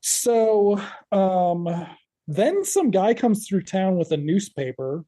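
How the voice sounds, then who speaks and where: A man's voice: sits high, big pitch swings, takes it slowly, mellow. A man co-hosting a podcast, wryly recapping a show in casual chat. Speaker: podcast co-host.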